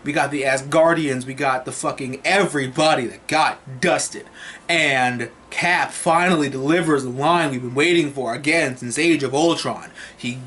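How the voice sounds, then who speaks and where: A man recapping a film in a casual, excited, profane and rambling way as a movie reviewer. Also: mid-range voice, normal speed.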